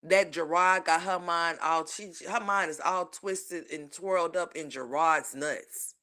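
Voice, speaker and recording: A woman hosting a commentary stream, scolding and mocking someone with steady profanity. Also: on the low side, measured pace, dry recording, clean studio sound. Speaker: commentary host.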